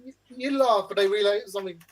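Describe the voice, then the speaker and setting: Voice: mid-range voice, fast talker, poor audio. A speaker in a casual panel chat who eagerly jumps in with new topics.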